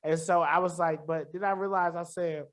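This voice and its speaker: A man's voice: fairly high pitch, steady tone, moderate pace. A man as a musician guest on a podcast, talking candidly and reflectively in a casual interview, often restarting his sentences.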